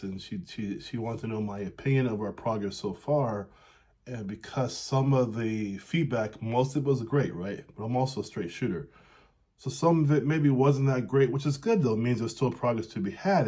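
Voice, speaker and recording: A man's voice: medium pitch, warm tone, husky. A man working as a relationship coach, telling a fable and then talking casually about honest feedback, often tagging lines with "right?". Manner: casual, repeats "right?", laughs lightly. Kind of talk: storytelling and coaching talk.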